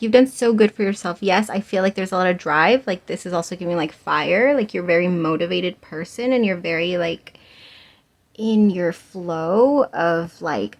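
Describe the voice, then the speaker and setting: A woman's voice: lowish voice, normal speed. A young woman giving a casual pick-a-card tarot reading, chatty and giggly with many fillers and laughs. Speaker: tarot reader.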